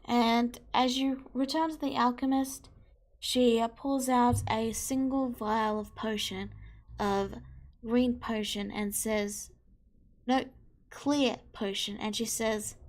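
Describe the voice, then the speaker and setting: A woman running a tabletop game as game master, unhurried and hesitant. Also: fairly high pitch, fairly even intonation.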